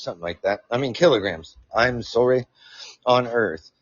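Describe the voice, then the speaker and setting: A man's voice: medium pitch, moderate pace, husky, no room sound, muffled recording. A man hosting a podcast livestream, reading science notes casually with stumbles and joking asides, speaking into earphones. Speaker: podcast host. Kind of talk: casual live-stream science talk. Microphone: earphone mic.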